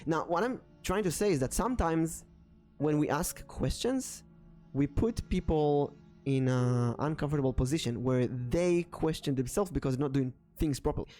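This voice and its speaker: A man hosting a stream, telling a rambling story and then reading tarot cards in a casual, slightly halting manner, with frequent fillers. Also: fairly high pitch. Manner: rambling, animated when acting out dialogue. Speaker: tarot reader and streamer host. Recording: soft background music under the voice.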